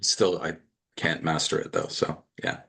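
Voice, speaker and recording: A man's voice: a bass voice, a little slow, husky. A Canadian man with a nasal voice, chatting easily as a guest on a video call. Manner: relaxed, laughs often, nasal. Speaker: musician guest. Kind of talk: casual video interview chat.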